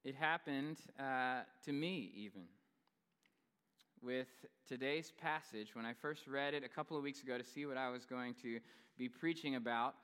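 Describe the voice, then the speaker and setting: A young male pastor preaching a sermon in a large church, relaxed and conversational with bits of humorous storytelling. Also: mid-range voice, normal speed, clean tone. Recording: long reverb in a large hall.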